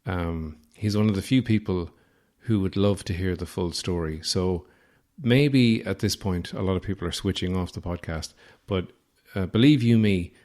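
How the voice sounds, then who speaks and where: Irish man, low voice, rambling, crude, self-deprecating, podcast host, comic anecdote. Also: moderate pace, few pauses, darkish tone. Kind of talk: comic storytelling.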